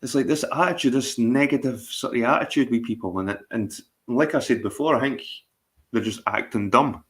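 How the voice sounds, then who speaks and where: A man's voice: medium pitch, moderate pace, a bit bright. A middle-aged Scottish man chatting casually on his livestream, rambling, swearing and repeating himself. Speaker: livestream host.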